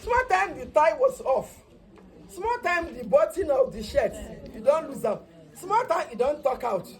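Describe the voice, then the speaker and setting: A woman nurse with a Nigerian accent telling a comic story about her work, in an animated way and mixing in Yoruba words. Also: high voice, measured pace.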